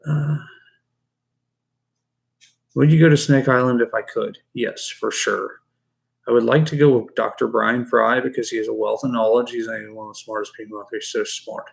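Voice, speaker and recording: A man's voice: medium pitch, steady tone, moderate pace, gravelly. A man who keeps reptiles, chatting casually to his live-stream viewers and to his snakes as he works. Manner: chatty, talks to the animals and chat.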